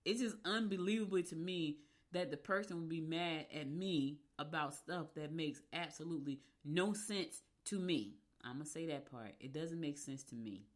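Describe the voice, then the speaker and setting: A middle-aged woman from Newark hosting a radio show, talking in a casual, animated, candid way and swearing freely. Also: deep voice, normal speed. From Newark, New Jersey. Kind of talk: casual personal monologue.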